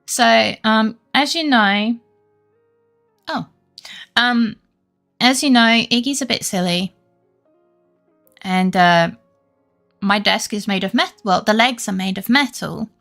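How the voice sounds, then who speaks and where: A young British woman streams live with a headache, rambling and chatting with her viewers in a casual way. She often greets the chat and fills her speech with fillers and restarts. Her voice is fairly high and fairly bright, with vocal fry, a slow pace, long pauses, and faint music in the background.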